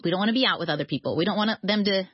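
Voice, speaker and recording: A woman speaking as a podcast guest, telling a story in an animated, conversational way and acting out the voices she quotes. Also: mid-range voice, rapid-fire, slightly rough, no echo, highs cut off.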